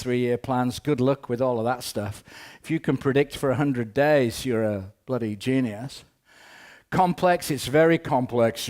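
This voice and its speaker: A man giving a humorous talk, telling a rambling anecdote full of wry asides and quick jokes. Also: mid-range voice. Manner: rambling, often restarts with "anyway". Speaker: keynote speaker.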